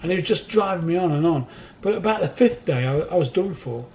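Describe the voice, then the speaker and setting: A man with a somewhat high voice, lively intonation, and a slightly mellow tone speaks a little fast over a faint hiss or hum. Interviewed in a record warehouse, the record collector rambles through anecdotes, laughing and voicing other people as he tells them.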